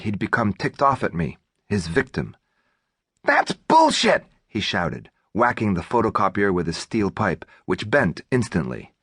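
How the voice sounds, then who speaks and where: Lively low-voiced male audiobook narrator. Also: no echo, clean studio sound. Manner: wry, expressive storytelling.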